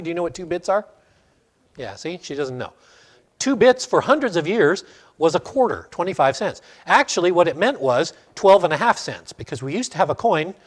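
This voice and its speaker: A middle-aged man teaching a Sunday school class, asking the class questions and telling stories. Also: a little high. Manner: storytelling, asks the class questions.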